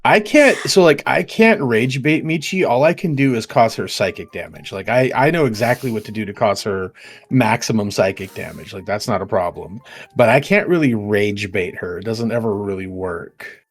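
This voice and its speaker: A man's voice: on the low side, normal speed. A man in casual chat, joking and teasing his friends, swearing and laughing often.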